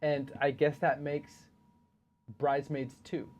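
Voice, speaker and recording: A man co-hosting a podcast in relaxed casual chat. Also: fairly high pitch, takes it slowly, slight background noise. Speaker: podcast co-host.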